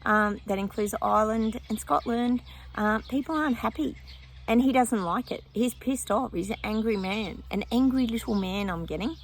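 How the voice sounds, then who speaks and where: A woman's voice: on the high side, normal speed. A woman psychic vlogging her predictions outdoors in casual chat, often breaking off to talk to her dog.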